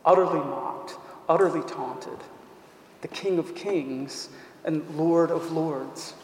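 In a church sanctuary, a pastor preaches a sermon in a fairly high, slow voice, driving his points home with repeated phrases and rhetorical questions. The hall is echoey with a long reverb, and a faint hiss or hum can be heard.

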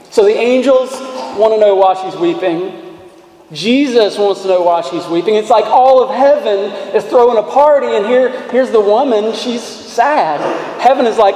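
A man preaching a sermon as pastor, talking conversationally, restarting words and moving between brisk runs and slow, emphatic lines, in a church. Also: sits high, warm tone, slight background noise. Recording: echoey reverberant hall.

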